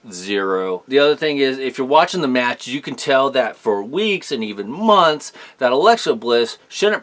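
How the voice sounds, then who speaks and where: Man, vlog host, slightly high voice, opinionated, rambling, casual. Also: fairly bright tone. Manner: opinionated, rambling, talks to viewers as "guys".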